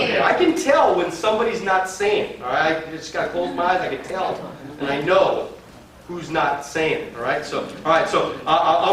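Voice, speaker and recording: A man leads a motivational sales training, slangy and energetic, calling out chants for the audience to shout back. His voice sits a little high. The mic is set back from him, and the meeting room gives off heavy echo under a faint hiss. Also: normal speed. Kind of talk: live motivational training seminar. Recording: very echoey room from a distance, faint noise.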